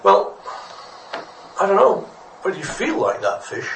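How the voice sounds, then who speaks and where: A man's voice: high-pitched, huge pitch swings, unhurried, gravelly, a little hiss or hum. A man preaching a rambling, good-humoured parable in a church. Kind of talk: storytelling sermon. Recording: echoey room from a distance.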